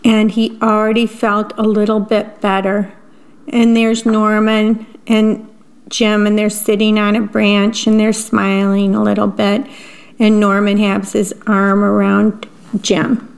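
Lady reading a kids picture book out loud, slow and gentle, tells what's in the pictures. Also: mid-range voice, completely flat delivery, vocal fry. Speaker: storyteller reading to children. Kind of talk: picture book read-aloud with picture descriptions.

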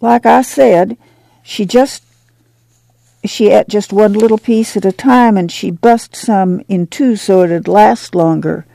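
An excited little farm boy tumbles through his story in a breathless, higher rural drawl, as a woman reader voices him. The tone is mellow and slightly gravelly, heard dry and close. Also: takes it slowly, no room sound.

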